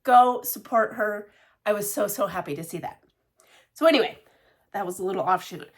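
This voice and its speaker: A woman's voice: mid-range voice, moderate pace. A woman casually chatting about her cross-stitch projects, rambling with many fillers and side remarks. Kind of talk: casual show-and-tell chat.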